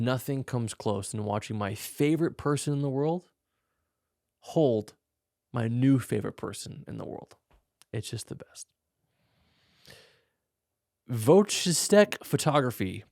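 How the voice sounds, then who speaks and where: This relaxed podcast episode has a young man with a gravelly low voice giving frank answers to listener questions. It's recorded at studio quality without any echo.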